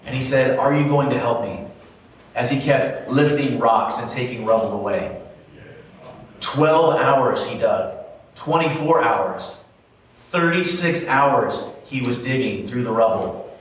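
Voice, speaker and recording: A man's voice: mid-range voice, takes it slowly, slight background noise. A man preaching a sermon, telling stories in an earnest, conversational way with some fillers. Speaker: pastor. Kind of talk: sermon storytelling. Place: church hall. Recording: very echoey room, mic far off.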